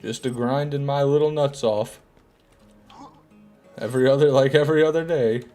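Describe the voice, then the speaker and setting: A man's voice: mid-range voice, normal speed, warm tone, soft background music. A man streaming a game, chatting casually and joking while he answers viewers' chat. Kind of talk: casual gameplay commentary, reading chat.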